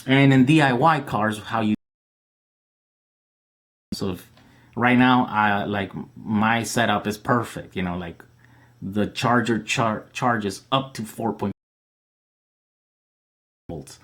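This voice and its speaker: A man's voice: lowish voice, slow pace, long pauses, a bit bright. A man hosting a casual live Q&A stream, chatting loosely with plenty of fillers and restarts as he reads out viewer questions.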